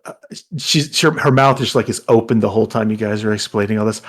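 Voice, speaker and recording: A man narrating as game master, halting with many fillers and restarts. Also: lowish voice.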